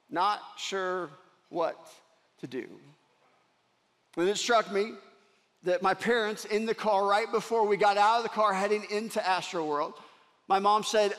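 A man preaching a sermon, telling a personal story in an earnest way that swings from loud to hushed. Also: high-pitched. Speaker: pastor. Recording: long reverb of a large hall.

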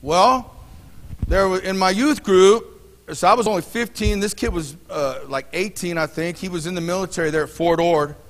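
Male pastor, high voice, casual storytelling sermon, long church reverb. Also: moderate pace. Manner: conversational preaching with personal stories, fillers and restarts. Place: church sanctuary.

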